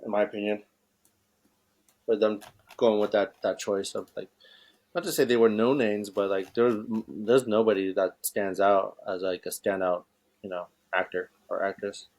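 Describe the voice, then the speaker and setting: A man's voice: fairly low pitch, fairly even intonation, normal speed, a little mellow. A man co-hosting a casual film podcast, talking hesitantly with many restarts. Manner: hesitant, lots of fillers and restarts. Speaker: podcast co-host.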